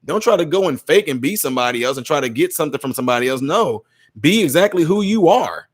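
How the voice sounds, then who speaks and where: Emphatic man with a slightly high voice. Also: lively intonation, fast. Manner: emphatic, conversational, repeats words when stressing a point. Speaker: channel host reading viewer comments. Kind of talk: casual commentary on viewer comments.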